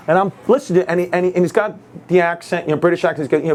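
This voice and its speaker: High-voiced new guy doing standup, all worked up, loud room noise behind. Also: rapid-fire, some chatter behind. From New York. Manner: excitable, jumps into acted quotes, laughing audience. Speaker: stand-up comedian. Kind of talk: stand-up storytelling.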